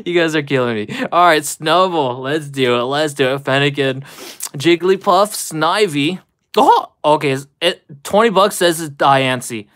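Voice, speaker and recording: A man's voice: on the high side, a little slow, a bit bright. Laughing, chatty male streamer. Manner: laughing, chatty, talks straight to chat. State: out of breath. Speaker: card-opening live streamer. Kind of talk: casual live stream chat.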